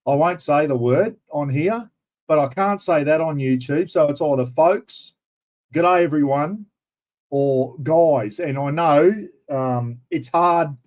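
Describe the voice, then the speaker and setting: A man's voice: medium pitch, darkish tone. An older Australian man hosting a casual livestream, rambling and greeting viewers by name in broad slang. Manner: broad slang, says bloody often. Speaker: livestream host. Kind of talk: casual live chat.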